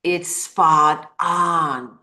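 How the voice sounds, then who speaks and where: Low-voiced woman hosting an interview. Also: drawn-out words, bright, forceful tone. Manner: affirming, with frequent yeahs. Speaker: interview host. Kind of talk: casual interview talk.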